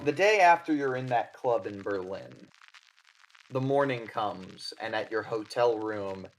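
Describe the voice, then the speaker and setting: A man's voice: fairly low pitch, lively intonation, measured pace, over music. A man narrating a tabletop horror game as game master, loose and casual with fillers.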